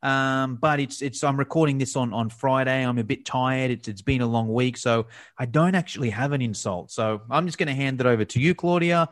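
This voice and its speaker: A man's voice: medium pitch, a little fast. A man hosting a podcast, chatting casually and laughing easily while interviewing a guest on a remote call. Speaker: podcast host.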